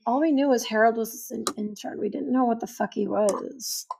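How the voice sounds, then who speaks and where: A woman's voice: a little high, normal speed, creaky, a little mellow, a little hiss or hum. A woman voicing a blunt, offhand office worker in an improvised voice role-play.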